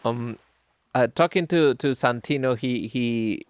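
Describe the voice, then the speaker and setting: Easygoing podcast host who laughs along. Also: male voice, mid-range voice, a little slow, dry recording. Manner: encouraging, laughs along often. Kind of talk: casual interview.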